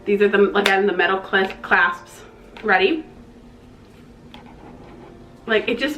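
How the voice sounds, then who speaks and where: A young woman with a twang, gushing excitedly as she reviews a makeup palette in a casual vlog. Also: mid-range voice, a little slow, pauses often, roomy sound, faint music behind, poor audio. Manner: gushing, excitable, slangy, with breathy exclamations. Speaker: beauty vlogger.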